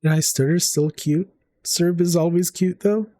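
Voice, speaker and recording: A man's voice: on the high side, steady tone, moderate pace, warm tone, dry recording. A man streaming a game who is sick with a stuffy nose, chatting in a rambling, self-deprecating way. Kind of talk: casual gaming livestream chatter.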